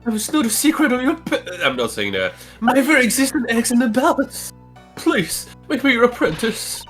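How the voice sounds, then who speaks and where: A woman's voice: on the high side, very animated, moderate pace, music in the background. A woman voicing a pompous male magician suspect in a formal, posh manner, fan-dubbing a game. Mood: pleading. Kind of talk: fan voice acting over a game.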